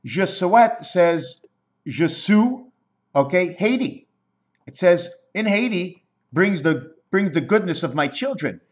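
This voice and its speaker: A man with a voice pitched a little high rambles through a monologue. He riffs from one word to the next and spells out letters in an animated, sing-song way. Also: slow pace. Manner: free-associating wordplay, spelling out letters.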